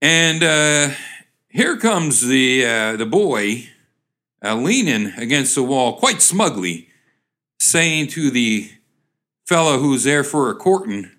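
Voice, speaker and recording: A man reads old jokes aloud and rambles through descriptions of cartoons, stopping often with uh and restarts. His pitch swings in a lively way, with a wry, easygoing delivery. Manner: halting, lots of uh and restarts, wry. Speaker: host reading jokes aloud. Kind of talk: casual reading and rambling description.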